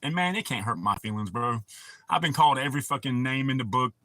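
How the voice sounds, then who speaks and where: A man's voice: mid-range voice, animated, quick pace, sharp tone, dry recording. A man, hosting a casual livestream and rambling crudely with a lot of swearing. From United States. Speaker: livestream host.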